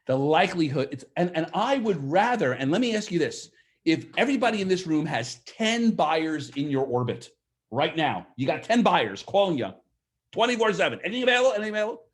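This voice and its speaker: Animated man pitching to a room. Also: normal speed. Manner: energetic, asks the audience questions, acts out quoted clients. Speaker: real estate sales trainer. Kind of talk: live seminar talk to an audience.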